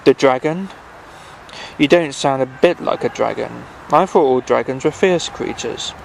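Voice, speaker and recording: A man reading aloud and voicing a brave, kindly little traveller who asks questions in an inquisitive, gently coaxing way. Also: mid-range voice, a little slow, vocal fry, slight background noise, poor audio. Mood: curious.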